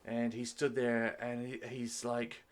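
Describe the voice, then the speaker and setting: A man's voice: mid-range voice, completely flat delivery, slow. A man narrating as game master on a streamed tabletop game, telling the story loosely with many restarts.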